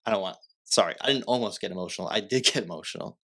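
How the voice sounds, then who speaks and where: A man's voice: lowish voice, rapid-fire, bright, forceful tone. A young man from Massachusetts, a podcast guest, telling a story in casual chat, rambling with lots of filler words and self-corrections.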